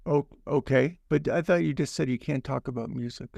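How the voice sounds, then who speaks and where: Gravelly-voiced man riffing on films. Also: mid-range voice, brisk, darkish tone, no room sound. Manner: playful, riffing, emphatic repetition. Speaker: podcast co-host. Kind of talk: casual film chat.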